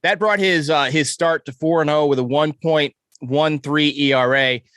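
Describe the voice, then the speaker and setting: A man talks through a sports podcast in a slightly high, lively voice, piling up numbers and correcting himself mid-sentence. His voice sounds close and dry on the mic, with no room around it. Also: normal speed, no room sound. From New York. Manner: stat-heavy, enthusiastic, self-correcting. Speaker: podcast host. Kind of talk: casual sports podcast chat.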